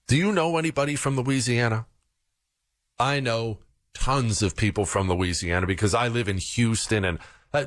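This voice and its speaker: A male talk radio host with a lively, swooping delivery, leaning into sarcastic asides and mock disbelief. He rambles through anecdotes with a conversational, storytelling pace, his pitch jumping around as he riffs. The sound is that of a broadcast studio monologue. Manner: sarcastic, mocking, animated storytelling.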